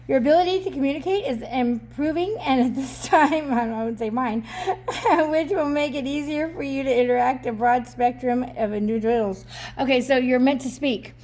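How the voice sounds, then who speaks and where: High-voiced chatty woman reading cards. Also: a little mellow. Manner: chatty, upbeat, laughs often, reads card text aloud. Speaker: oracle card reader. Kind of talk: casual card reading to camera.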